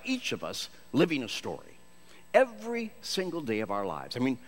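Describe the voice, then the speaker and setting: A man's voice: mid-range voice, a bit bright. A man from Michigan, a Christian actor, giving a humorous storytelling sermon in a self-deprecating, jokey way.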